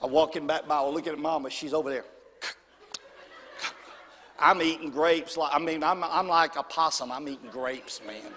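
A man from Alabama with a Southern US accent, telling folksy, humorous stories from the pulpit in an animated way. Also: on the high side, normal speed, long pauses, a little hiss or hum. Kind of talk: storytelling sermon. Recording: long hall reverb.

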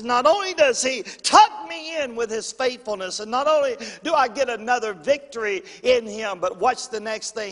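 A male pastor preaching a sermon, calling for amens and swinging between loud and hushed delivery. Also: high voice. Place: church sanctuary. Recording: long hall reverb.

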